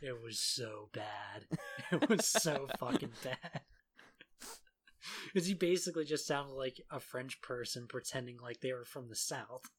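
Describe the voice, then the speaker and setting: A man's voice: mid-range voice, measured pace. A young man co-hosting a podcast in casual chat, swearing freely, laughing often and restarting his sentences. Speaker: podcast co-host.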